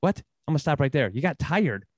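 Fast-talking man ranting on a podcast. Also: fairly high pitch, no room sound. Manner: ranting, animated, quick to laugh. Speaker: podcast co-host. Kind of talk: casual sports chat.

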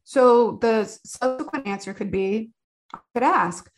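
Earnest higher-voiced woman in her forties. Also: unhurried. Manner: earnest, conversational, with many filler "like"s. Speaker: business owner sharing advice. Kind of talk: personal advice talk.

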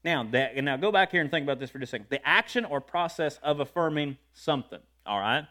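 Man, preacher, higher voice, very animated pitch, sermon to a congregation, shouts of praise. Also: fast talker.

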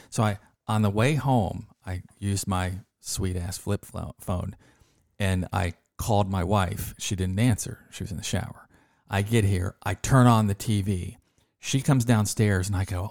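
A man's voice: on the low side, moderate pace, no room sound, studio quality. A man hosting a podcast, telling a story in a casual way and acting out the voices of the people in it. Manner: lively storyteller who acts out quoted voices. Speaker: podcast host.

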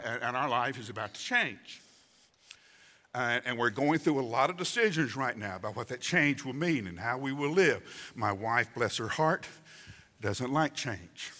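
A man's voice: medium pitch, animated, normal speed, sharp tone. A man in his sixties preaching a conversational sermon as pastor, acting out voices for emphasis. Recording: reverberant hall.

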